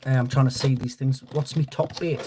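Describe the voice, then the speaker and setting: A man's voice: mid-range voice, steady tone, brisk, heavy background noise. A man hosting a live fishing stream, chatting in a rambling way and greeting viewers by name. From North East England. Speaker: fishing channel host.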